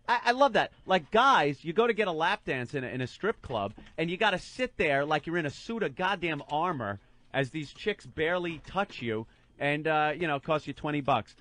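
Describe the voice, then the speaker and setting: A man co-hosting a radio show, telling a crude story with animated delivery and mocking put-on voices. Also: a little high, moderate pace, no echo. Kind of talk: crude comedic radio banter.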